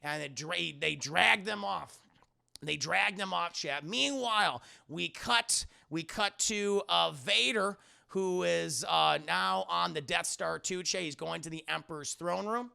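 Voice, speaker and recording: An excitable streamer man rattles through a film recap, swearing freely and calling out to his chat. His voice sits high with a heavy gravelly fry and a bright, sharp edge. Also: unhurried. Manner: excitable, profane, keeps addressing chat. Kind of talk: casual profane scene-by-scene recap.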